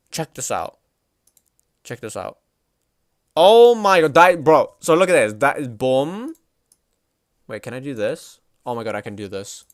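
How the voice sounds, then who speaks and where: Lively slangy young-sounding streamer man. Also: medium pitch, smooth, no echo, studio quality. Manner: excitable, swears a lot, slangy. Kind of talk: casual live-stream chat.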